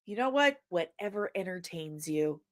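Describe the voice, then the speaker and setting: A sniffly woman with a lingering cough hosting a casual live stream. She greets viewers with loud, sing-song shouts and chats in a playful, teasing way. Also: fairly low pitch, animated, normal speed. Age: adult, old enough to remember films from forty years ago. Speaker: host of a daily pop-culture live show.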